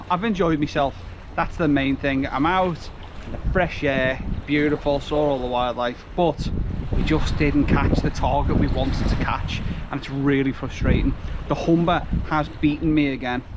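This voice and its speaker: A man's voice: fairly high pitch, normal speed, hardly any pauses. A man talking casually to camera as a fishing vlogger, chatty, grumbling and poking fun at himself on a riverbank. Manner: chatty, grumbling and self-mocking. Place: outdoors on a windy riverbank. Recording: loud wind noise on the mic.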